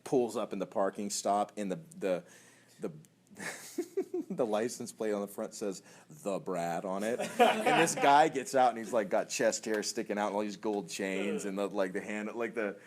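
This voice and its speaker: A man preaching as a young adults pastor, telling stories in a chatty, animated way with laughter. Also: on the low side. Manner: conversational, animated storytelling with laughs and acted voices. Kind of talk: sermon teaching.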